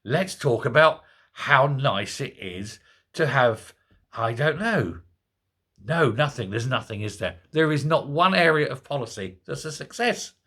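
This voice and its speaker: A man's voice: mid-range voice, expressive, measured pace, fairly bright tone, slightly rough. A middle-aged man hosting a solo political commentary, ranting in a sarcastic, mocking way. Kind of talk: solo political rant to camera.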